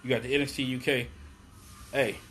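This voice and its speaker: A man's voice: mid-range voice, a little fast, slight background noise. Fired-up profane man ranting outdoors. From Chicago. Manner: profane, excitable, rambling. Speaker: wrestling show host. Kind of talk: casual live-stream rant. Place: outdoors in the heat.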